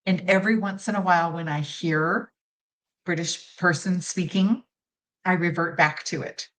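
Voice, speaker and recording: A woman guest in a casual interview, speaking thoughtfully with halting restarts. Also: on the low side, steady tone, a bit bright, low-quality recording.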